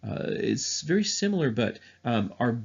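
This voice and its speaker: A man's voice: mid-range voice, very animated, moderate pace, creaky, breathy edge, lo-fi sound. A man teaching music theory in a recorded online lesson, explaining step by step with frequent "uh" and "um" fillers.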